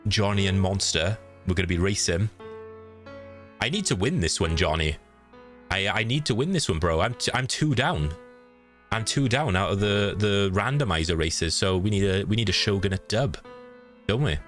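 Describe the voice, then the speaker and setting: Deep-voiced streamer. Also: male voice, animated, normal speed, a bit bright. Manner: chatty, greets viewers by name. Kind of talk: livestream gameplay chat. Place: home room. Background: game music.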